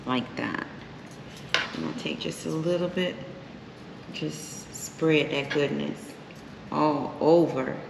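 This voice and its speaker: A woman's voice: low voice, slow pace, creaky, long pauses, noisy background. A woman hosting a cooking vlog, chatting casually to her viewers and savoring the food as she goes. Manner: relaxed, chatty, savoring food between lines. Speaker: cooking channel host. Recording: echoey room with long reverb.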